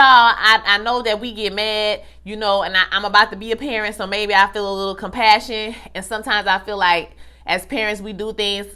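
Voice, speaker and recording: Bright-voiced, chatty young woman recapping TV. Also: medium pitch. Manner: animated, slangy, acts out dialogue. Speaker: TV recap vlogger. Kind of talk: casual TV episode recap.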